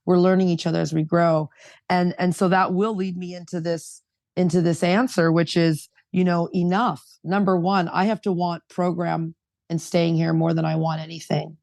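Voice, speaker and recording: A woman's voice: fairly low pitch, gravelly, warm tone, dry recording. A woman on a recovery podcast panel speaking emphatically and directly, with a preachy edge.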